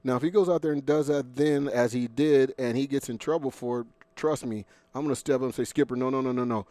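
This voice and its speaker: Male guest, former player, mid-pitched, emphatic and sincere, dry close-mic sound. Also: a little fast, warm tone, no echo. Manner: earnest, emphatic, repeats himself. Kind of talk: casual chat.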